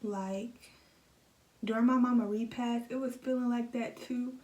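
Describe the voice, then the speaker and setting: A young woman vlogger tells a painful personal story in a halting, emotional way, repeating the same words as she circles back. Her pitch stays flat. Her phone sits at a distance in a roomy, echoey space.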